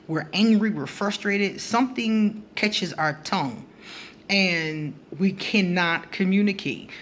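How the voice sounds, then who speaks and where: Facing the camera for her casual astrology vlog, a woman gets her points across bluntly and with energy, bursting into laughter in between. She has a fairly low pitch, and a slight hiss or hum runs under the recording.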